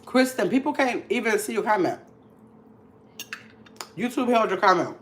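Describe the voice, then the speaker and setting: A woman's voice: medium pitch, animated, moderate pace. Chatty woman streamer from Milwaukee. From Milwaukee, Wisconsin. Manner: chatty, teasing, talks straight to the chat. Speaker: livestream host. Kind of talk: casual livestream chat with viewers.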